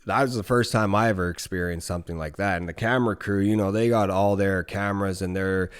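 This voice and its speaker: A man in his thirties from northern Canada tells a long story as a podcast guest, his voice sitting very low. He talks loosely and profanely and often restarts his sentences. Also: quick pace, smooth. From Nunavut, northern Canada. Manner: relaxed, profane, rambling with restarts. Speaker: podcast guest, former hockey player. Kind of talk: casual storytelling.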